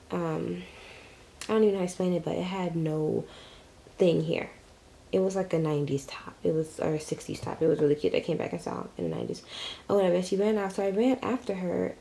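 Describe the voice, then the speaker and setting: A woman's voice: mid-range voice, vocal fry, dark tone, slight background noise, rough recording. A young woman telling a story in a casual vlog, rambling with lots of fillers and the odd curse. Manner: rambling, filler-heavy retelling with lots of "like" and swearing. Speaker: vlogger. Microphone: camera mic.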